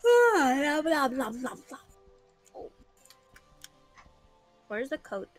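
A woman's voice: high-pitched, very animated, slow pace, soft background music. Playful woman in a goofy group chat. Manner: playful and silly. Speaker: streamer guest. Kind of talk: casual group chat while gaming.

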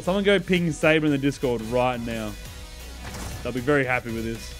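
A man's voice: medium pitch, expressive, brisk, faint music behind. Sarcastic, laughing man streaming a game. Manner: joking, sarcastic banter with chat, laughs often. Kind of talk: casual live-stream gaming chat.

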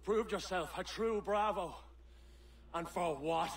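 A man's voice: sits high, slow, distant mic. An actor playing a scornful pirate captain who mocks his rival with sneering words, heard as game audio. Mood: mocking.

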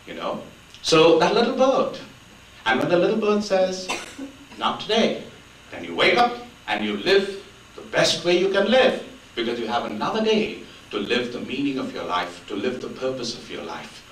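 A man giving a spiritual talk in a lively, rising-and-falling voice. He tells stories conversationally with light humor. The sound is echoey and picked up from some distance, with faint noise behind him. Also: fairly high pitch, moderate pace. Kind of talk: storytelling talk on spiritual life.

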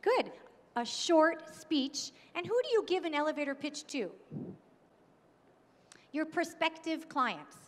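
A woman's voice: sits high, big pitch swings, slow, long pauses. A woman from New York giving a conference keynote talk, engaging and often putting questions to the audience. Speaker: keynote speaker. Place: conference hall. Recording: long hall reverb.

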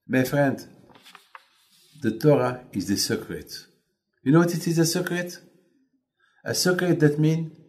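A man's voice: a little high, a little mellow. A man acting as rabbi, giving a storytelling sermon with rhetorical questions in non-native English.

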